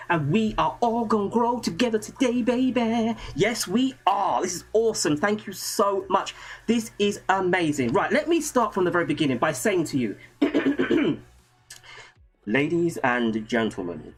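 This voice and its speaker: A man's voice: sits high, a bit bright, breathy edge. A man hosting a casual livestream from home, chatty and jokey, rambling and greeting viewers by name. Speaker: livestream host. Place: home room with a green screen.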